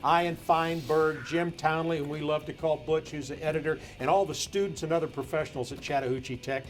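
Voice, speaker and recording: A man's voice: a little high, fairly even intonation, fairly quick, a little hiss or hum. A man hosting a sports show in a studio, talking casually and joking with his guests. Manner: jovial, joking.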